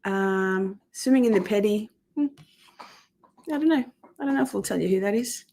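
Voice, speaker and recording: A woman's voice: fairly high pitch, brisk, gravelly, dark tone. A woman streaming live, chatting casually to her viewers and swearing freely while she fights with her gear.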